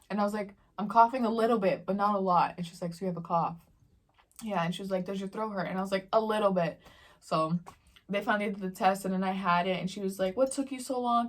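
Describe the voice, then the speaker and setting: A young woman talking casually to her camera while she eats. She tells stories in a relaxed, slangy way, full of fillers, at a mid pitch. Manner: chatty slangy storytelling while eating. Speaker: vlogger. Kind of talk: casual mukbang Q&A chat.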